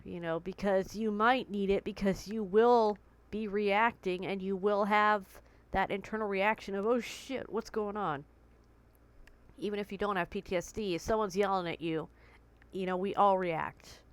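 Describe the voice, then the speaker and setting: A woman's voice: mid-range voice, fairly even intonation, normal speed, clear, resonant tone. A woman vlogging candidly and conversationally from her bedroom, recording on a tablet, with vivid comparisons. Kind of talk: personal talk to camera.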